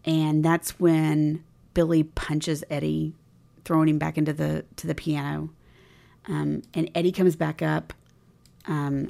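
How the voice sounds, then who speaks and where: Low, gravelly-voiced woman podcast co-host. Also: mellow. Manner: retells scenes, acting out dialogue with emphasis. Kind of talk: casual recap chat.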